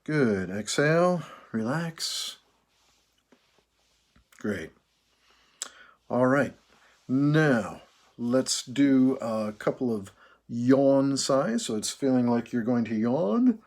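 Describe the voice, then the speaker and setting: A man leading a choir through breathing and vocal warm-ups, calm and patient, counting out each breath. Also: medium pitch, very slow, long pauses. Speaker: choir director.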